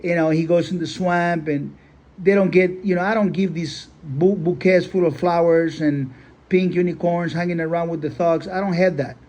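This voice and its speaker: A man's voice: a little high, fairly even intonation, normal speed, a little mellow. A man who breeds dogs tells a story in casual talk. He rambles, leans on "you know", and speaks bluntly with some swearing. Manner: rambling, filler-heavy, blunt and profane. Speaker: dog breeder.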